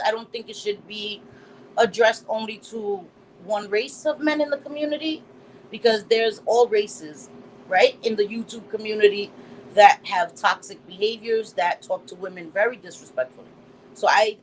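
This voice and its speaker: A woman's voice: mid-range voice, a little hiss or hum, rough recording. A middle-aged woman from Puerto Rico hosting a casual live stream, blunt and profane, with Spanish words mixed in. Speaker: livestream host.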